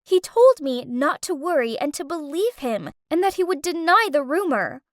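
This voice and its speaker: Woman storyteller, high and very expressive voice, dry close sound, emotional scripted narration. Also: normal speed, no room sound. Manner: emotional, dramatic delivery.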